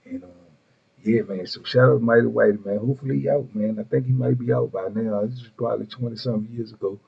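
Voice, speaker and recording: Talking fast in laid-back street slang, a middle-aged host spins casual prison stories and keeps slipping into rambling asides. His medium-pitched voice is creaky and husky, steady in tone. The recording is lo-fi and muffled.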